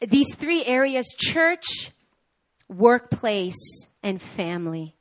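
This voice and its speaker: Woman preaching at church, kinda high voice, animated, does the voices of people she quotes. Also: very slow. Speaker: guest preacher. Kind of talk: sermon. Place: church service.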